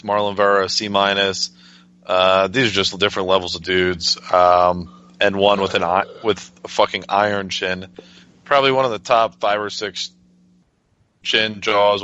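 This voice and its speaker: A man's voice: lowish voice, sharp tone, smooth, dull audio. A man hosting a casual podcast, running through the fight card and swearing freely. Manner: loose and profane, leads the segments. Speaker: podcast host. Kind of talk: casual MMA preview talk.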